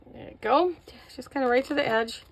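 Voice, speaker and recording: A woman's voice: high-pitched, a little fast, gravelly. A middle-aged woman hosting a casual craft tutorial, chatting to viewers as she works and laughing at her own slips. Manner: chatty, self-mocking, talks to viewers while working. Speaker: craft video host.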